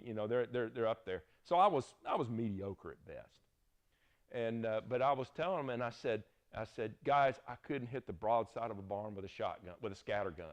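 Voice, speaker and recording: A man's voice: mid-range voice, a little mellow, highs cut off. Middle-aged Southern man, folksy Bible teacher, storytelling lecture with frequent check-ins.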